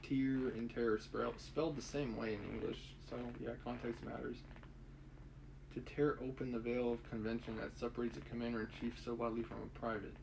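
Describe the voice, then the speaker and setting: Picture a man reading a classic novel aloud on a live stream, pausing often to think out loud and correct himself. His voice sits at an ordinary middle pitch. A faint hiss runs underneath. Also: level tone, gravelly. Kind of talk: casual read-aloud with commentary. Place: home setup, live stream.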